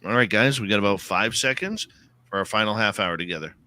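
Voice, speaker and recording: A man's voice: fairly low pitch, expressive, fairly quick, sharp tone. A man hosting a paranormal radio show, chatting casually and reading out announcements. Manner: upbeat, plugs the show.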